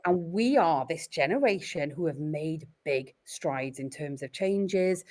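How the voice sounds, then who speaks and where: Welsh mum in her 40s-ish talking earnestly on a podcast, lowish voice, tells stories with feeling. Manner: earnest, reflective, expressive storytelling. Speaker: podcast guest, parent. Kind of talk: casual podcast conversation.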